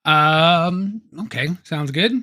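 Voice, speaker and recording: A man's voice: on the high side, slow, bright, forceful tone, no room sound, studio quality. A man co-hosting a comedy movie podcast, stammering and goofy in his banter. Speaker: podcast co-host.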